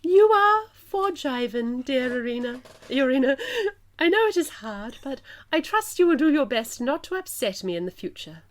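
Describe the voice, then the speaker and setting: A woman's voice: high voice, very animated, pitched above the performer's own voice. A woman reading a haughty queen's lines in a plummy posh English accent, grand and imperious. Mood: regal. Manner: plummy, stately, drawn-out delivery.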